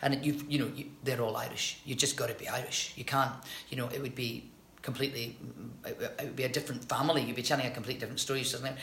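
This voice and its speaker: Scottish actress, middle-aged, animated raconteur with lots of restarts, heard in a roomy space. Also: female voice, a bass voice, very fast, gravelly, slight background noise. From Scotland. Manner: chatty, animated storytelling with many restarts. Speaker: actress guest. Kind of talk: casual interview chat. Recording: roomy echoey recording.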